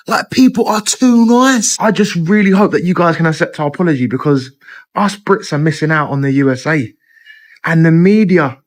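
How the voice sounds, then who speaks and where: Casting: emphatic man with a London accent, fairly high voice. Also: moderate pace. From England. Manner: emphatic, repetitive. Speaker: traveler. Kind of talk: casual to-camera monologue.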